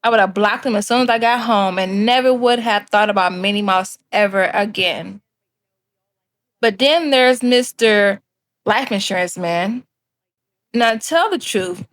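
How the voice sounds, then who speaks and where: A woman's voice: on the high side, measured pace. A woman hosting scripted commentary in a sassy way, talking straight to her viewers. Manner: sassy, addresses viewers as cousins. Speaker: host.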